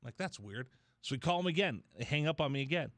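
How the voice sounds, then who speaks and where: A man hosting a radio show, telling a rambling story in a casual, animated way. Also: a little high, quick pace, dry recording. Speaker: radio host. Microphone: studio mic.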